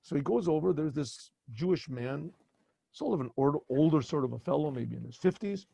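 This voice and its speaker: A man, a rabbi, telling a story in an animated way and acting out each character. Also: a little high, normal speed, gravelly, breathy edge. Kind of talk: storytelling talk.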